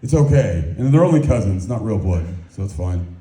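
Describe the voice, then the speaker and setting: Stand-up comic, young man, rambling and crude, mellow tone, roomy club sound. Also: fairly low pitch, animated, moderate pace. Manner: crude, rambling, self-mocking storytelling. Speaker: stand-up comedian. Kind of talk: stand-up set.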